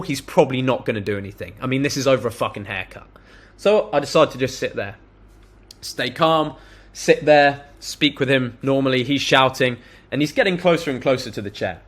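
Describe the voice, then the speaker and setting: A man's voice: medium pitch, a bit bright. A young man giving blunt, casual advice straight to camera, swearing freely as he tells a story. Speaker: self-improvement vlogger. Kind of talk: direct-to-camera advice monologue.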